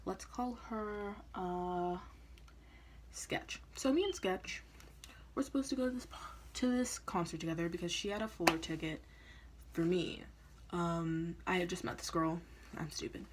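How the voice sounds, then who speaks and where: A woman's voice: fairly low pitch, normal speed, slight background noise. A young woman vlogger telling a story in a casual, chatty way, often laughing and acting out what people said. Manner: chatty, laughing, acts out quoted lines.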